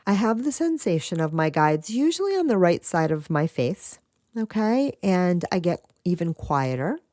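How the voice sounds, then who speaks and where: A woman hosting a spiritual podcast, talking casually with lively asides and frequent laughs. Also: sits low, no room sound, clean studio sound. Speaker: podcast host.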